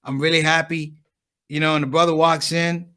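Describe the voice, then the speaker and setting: A man's voice: on the high side, moderate pace, smooth. A man doing stand-up comedy, talking straight to the crowd and acting out the people in his stories. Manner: animated, acts out others' voices, talks to the crowd.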